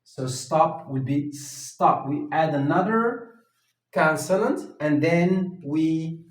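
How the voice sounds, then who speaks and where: A man teaching an English grammar lesson at a whiteboard, talking slowly and haltingly, with many fillers and restarts. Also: a little high, recorded from a distance. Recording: echoey room, voice from off the mic.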